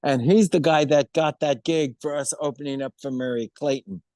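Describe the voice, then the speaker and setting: A man in his seventies, a musician guest in an interview, telling stories in an animated way. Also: on the high side, normal speed, dry recording, clean studio sound. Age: 70s. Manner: animated storyteller, acts out quoted voices. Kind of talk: storytelling interview.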